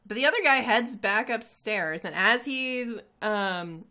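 A woman narrating as game master for a tabletop game, with a bright, forward voice. She talks hesitantly and fills her sentences with "like" and "um". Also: fairly high pitch, expressive, measured pace. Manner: hesitant, many fillers.

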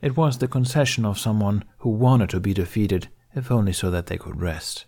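Male narrator, low voice, steady even read for a fan fiction audiobook. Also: moderate pace, few pauses.

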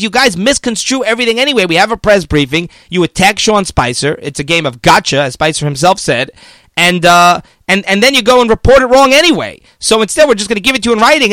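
Animated high-voiced male commentator, dry sound. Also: no room sound. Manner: animated, argumentative, mocking the media in quoted voices. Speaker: political commentary host. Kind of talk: casual political commentary.

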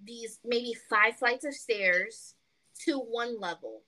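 Bright-voiced young woman telling a story. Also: fairly high pitch, takes it slowly, low-quality recording. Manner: animated storytelling, acts out quotes, peppered with "like". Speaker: podcast co-host. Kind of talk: casual chat.

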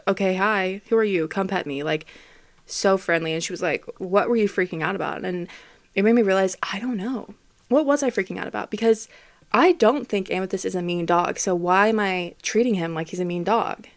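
A woman vlogger telling a casual, candid story, rambling with lots of "like" and some swearing. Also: fairly low pitch.

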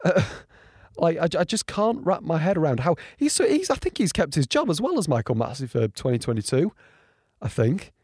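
A man giving casual reaction commentary on race highlights, rambling with frequent ums and getting indignant. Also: big pitch swings, moderate pace, a little mellow, breathy edge, no echo, studio quality. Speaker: motorsport commentator.

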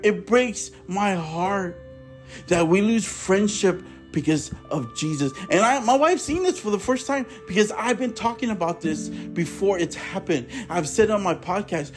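A man hosting his own podcast, giving a fervent, repetitive testimony that swings between emphatic bursts and quiet asides. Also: high-pitched. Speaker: podcast host. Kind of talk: impassioned testimony preaching.

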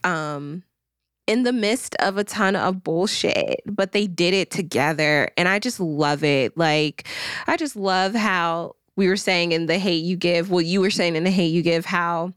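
A woman co-hosting a book podcast, chatting in a relaxed way with loose fillers. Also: on the low side, unhurried, smooth, dry recording, clean studio sound. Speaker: podcast co-host. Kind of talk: casual book discussion.

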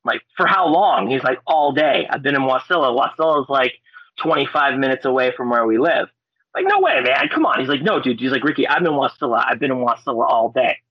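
A man from Alaska, appearing as a podcast guest, tells ghost stories casually and fast, full of fillers and swearing, in a laid-back manner. He animatedly acts out quotes in loud, high-pitched voices. The audio is dull lo-fi podcast sound with no echo.

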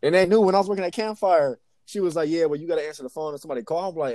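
A man in casual chat with friends, animated and slangy, saying bro a lot. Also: a little high, racing, no room sound.

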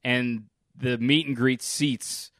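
A man's voice: mid-range voice, fairly even intonation, takes it slowly, fairly bright tone, no room sound, clean studio sound. A man co-hosting a podcast, telling stories in easygoing casual chat and laughing often. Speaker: podcast co-host.

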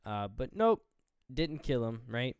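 A man co-hosting a podcast, retelling a horror film with lively, acted-out quotes and casual swearing. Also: mid-range voice, slow pace, clean tone, no room sound, clean studio sound. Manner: animated retelling, acting out characters' lines; swears freely. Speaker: podcast co-host. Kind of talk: casual movie recap.

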